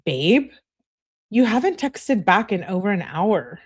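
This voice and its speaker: A woman's voice: mid-range voice, sing-song, measured pace, husky, pitched above the performer's own voice. A woman reading out the texts of a complaining, whiny young woman who pleads with her boyfriend.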